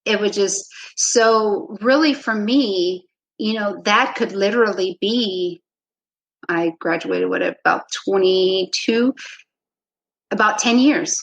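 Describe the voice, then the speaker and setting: A woman's voice: mid-range voice, takes it slowly, creaky, dull audio. Woman coach telling a reflective story. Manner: relaxed, reflective storyteller who acts out her own past lines; frequent "you know" fillers. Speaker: basketball coach, podcast guest. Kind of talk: storytelling in a conversational interview.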